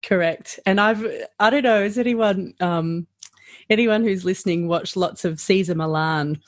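A woman's voice: lowish voice, normal speed, no echo, studio quality. A woman who trains practitioners, talking in a casual chat and acting out firm voices as she explains.

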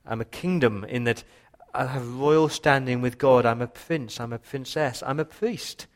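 A man preaching a sermon with passion, his voice rising for emphasis and dropping low for quiet points. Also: measured pace. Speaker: pastor.

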